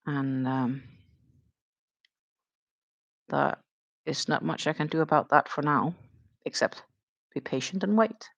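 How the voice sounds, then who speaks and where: A woman's voice: sits low, takes it slowly, creaky, long pauses, no echo. A woman hosting a casual crochet stream, chatting and thinking aloud with dry sarcasm and a Danish accent. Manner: chatty, dryly sarcastic, thinks aloud while counting stitches. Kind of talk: casual chat while crocheting.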